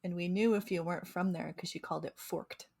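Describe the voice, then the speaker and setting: A woman's voice: lowish voice, steady tone, fast talker, gravelly, darkish tone, husky. A woman from New Jersey co-hosting a podcast, chatting casually and laughing often over a remote call. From New Jersey, USA. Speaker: podcast co-host. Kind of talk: casual chat.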